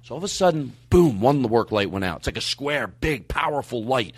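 A male podcast host who rambles through his stories and swears freely. His pitch leaps up and down, and he sounds dry and close to the mic. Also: fairly quick, breathy edge, no echo. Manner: profane, rambling, animated storytelling. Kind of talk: casual chat.

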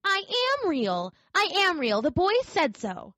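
A woman's voice: wildly swooping pitch, normal speed, a bit bright, no room sound, full character voice. Woman voicing the timid little Velveteen Rabbit. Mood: tearful. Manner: high, earnest, pleading. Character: small, timid toy rabbit, young male. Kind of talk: storybook reading. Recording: dry, slightly dull recording.

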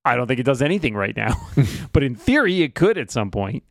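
A man's voice: medium pitch, sing-song, brisk, gravelly, no room sound, clean studio sound. A man co-hosting a podcast, chatting casually and jokingly about tech, often correcting himself mid-sentence. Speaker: podcast co-host. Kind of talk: casual chat.

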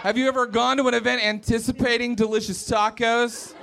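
A young man from West Virginia doing a stand-up comedy set on a club stage, animated and self-mocking, slipping into exaggerated voices. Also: very high-pitched, fairly quick, vocal fry, noisy background.

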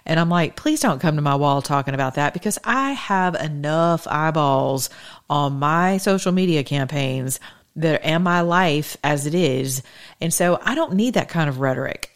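A middle-aged woman hosting a political talk show, speaking in an animated, sassy monologue full of rhetorical questions. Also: fairly low pitch. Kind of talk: opinionated monologue to listeners.

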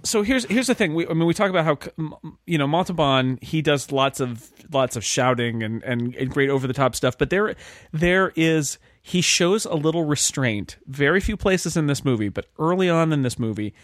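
A man co-hosting a casual podcast chat about a film, rambling with restarts and animated asides. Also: a little high, moderate pace, no echo, clean studio sound. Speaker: podcast co-host.

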